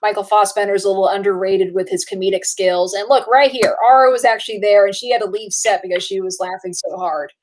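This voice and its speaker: A young adult woman co-hosting a casual movie podcast. She talks in an excitable, chatty way, with lots of fillers and quick laughs. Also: mid-range voice. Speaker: podcast co-host.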